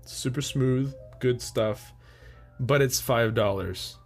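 A young man talks on his own for a podcast, wandering from rant to rant and chuckling at his own jokes. His voice sits at an ordinary pitch for a man, with casual swearing throughout. Faint music plays underneath. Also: slow pace. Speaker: podcast host. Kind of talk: solo rambling podcast monologue.

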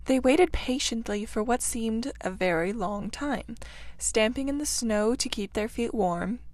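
A young woman hosting a book podcast and reading a classic story aloud in a calm storytelling manner. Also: a little high, unhurried, no echo. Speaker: podcast host and reader. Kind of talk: audiobook reading.

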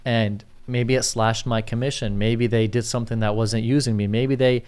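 A man's voice: medium pitch, steady tone, moderate pace, a little mellow, smooth. A man co-hosting a podcast in casual chat, reading out listener questions and checking in with "you get what I'm saying?". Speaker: podcast co-host, commercial real estate agent.

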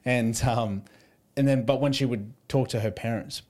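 A man hosting a podcast, relaxed and telling stories with casual swearing. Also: medium pitch, normal speed, slight background noise. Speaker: podcast host. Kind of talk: casual interview chat.

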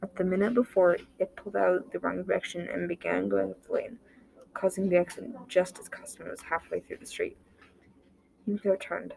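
A woman reading an original short story aloud, voicing the dialogue herself and dropping to a near-whisper in quiet moments. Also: lowish voice, brisk, creaky, slight background noise, low-quality recording. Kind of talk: amateur story narration with dialogue.

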